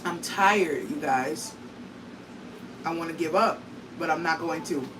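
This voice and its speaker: A woman's voice: deep voice, a little slow, recorded from a distance, noisy background. A woman vlogging casually from her home kitchen, talking straight to her viewers in a tired, emotional way. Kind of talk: casual vlog talk to viewers.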